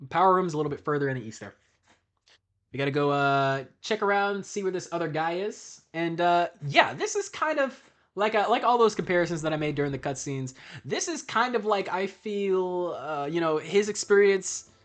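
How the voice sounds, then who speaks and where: A man's voice: high voice, a bit bright. A man giving casual gameplay commentary as a streamer, rambling and profane with self-help musings. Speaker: streamer playing an online role-playing game.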